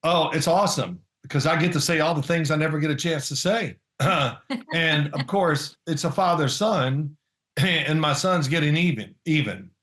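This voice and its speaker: An older man telling animated stories as an interview guest, slipping into quick impressions of others and laughing between lines. His voice sits a little high for a man, and the room adds a noticeable echo. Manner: animated storyteller, mimics others, laughs often. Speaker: guest, former NFL quarterback and analyst. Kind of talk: casual remote interview.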